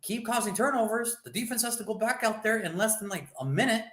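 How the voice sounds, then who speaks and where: A man's voice: high voice, animated, quick pace, fairly bright tone, roomy sound, low-quality recording. A man co-hosting a sports show, chatting loosely about football picks and rambling as he swears freely. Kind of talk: casual sports prediction chat.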